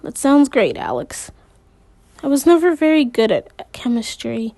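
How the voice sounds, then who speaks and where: A woman voicing a middle-aged father who is gently trying to steer a talk with his teenager, in a mild, conversational way, for a read-aloud storybook. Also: fairly high pitch, huge pitch swings, unhurried, vocal fry, no echo, exaggerated voice. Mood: gentle.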